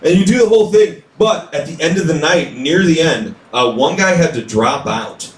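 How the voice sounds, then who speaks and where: A man's voice: on the high side, expressive, moderate pace. A man from a small town doing a stand-up routine, chatty, leaning on "like" and acting out quotes. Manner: chatty, leans on "like", acts out quotes. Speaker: stand-up comedian. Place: comedy club stage. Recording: echoey club room heard from far off.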